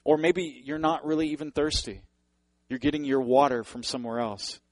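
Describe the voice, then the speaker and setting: A man's voice: mid-range voice, moderate pace, darkish tone, dry recording, rough recording. A man preaching a sermon, speaking earnestly and directly to the congregation and building to fervent emphasis. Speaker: pastor.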